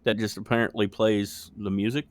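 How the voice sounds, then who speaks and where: A man's voice: fairly low pitch, flat delivery, a little fast, a little hiss or hum. A man co-hosting a podcast, rambling in casual chat, swearing freely and laughing often. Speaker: podcast co-host.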